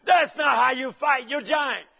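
Man doing a taunting male devil, scolding, high voice, muffled recording. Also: a little slow, creaky, breathy edge, heavily acted. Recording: dull lo-fi recording.

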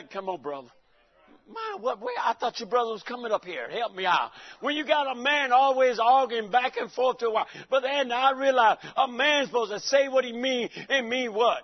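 A high-voiced man preaching in a church with a folksy, joking manner, calling out to his listeners and breaking into shouts. The recording sounds dull and lo-fi. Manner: folksy, joking, calls out to the congregation. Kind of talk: sermon.

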